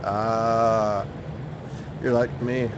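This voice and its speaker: A man's voice: fairly low pitch, flat delivery, drawn-out words, dull audio, background noise. A young man from the US South, a race broadcaster calling an online sim race in a chatty way and laughing often. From Oklahoma, US South. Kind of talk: sim racing commentary.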